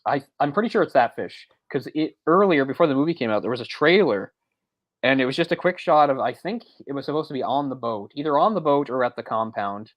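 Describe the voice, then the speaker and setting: A man's voice: mid-range voice, animated, fast talker, dry recording, lo-fi sound. A man co-hosting a movie discussion podcast, talking in a rambling, self-correcting way with frequent chuckles. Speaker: podcast co-host.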